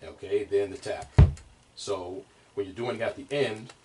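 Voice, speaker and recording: A drum teacher with a lowish, steady voice gives casual instruction at a measured pace, loose and rambling with plenty of fillers and restarts. He's recorded from a distance while drums play loudly behind him.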